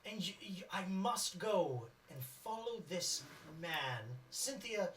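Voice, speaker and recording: A game master voicing a smooth, ingratiating schemer who is fussy about security. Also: mid-range voice, animated, slow, a bit bright, slight background noise. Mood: smarmy. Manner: oily, polite, ingratiating. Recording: roomy, distant mic.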